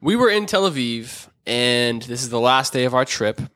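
A young man co-hosting a podcast, telling stories in casual, animated chat full of swearing and "bro.". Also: medium pitch, normal speed, no echo, clean studio sound. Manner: animated, swears a lot, says bro and dude. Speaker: podcast co-host.

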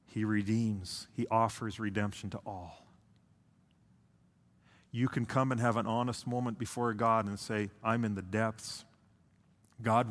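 A male pastor preaching a sermon, swinging between intense and hushed delivery, with slow drawn-out phrases. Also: fairly low pitch. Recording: long hall reverb.

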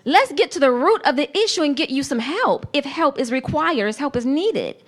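A woman preaching a sermon to a congregation, earnest and emphatic, with slow, deliberate phrasing. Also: sits high, expressive.

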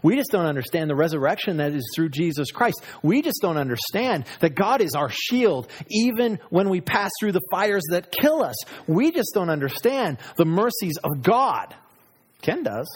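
A man delivers a sermon in a slightly husky voice. He is emphatic and lively, rising to high, loud exclamations and then sinking to hushed, low asides. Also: moderate pace. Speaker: pastor.

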